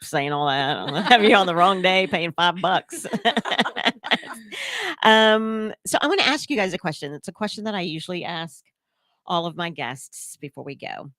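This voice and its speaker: A woman's voice: lowish voice, lively intonation, normal speed, fairly bright tone, no echo. A woman hosting a radio talk show, chatty and encouraging with many fillers. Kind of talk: casual interview chat.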